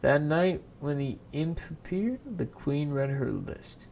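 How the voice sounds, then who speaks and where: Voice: medium pitch, slow pace, creaky, darkish tone, a little hiss or hum. A storyteller casually reading a fairy tale aloud into a home microphone, playful and breaking in with little asides. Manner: playful, self-interrupting.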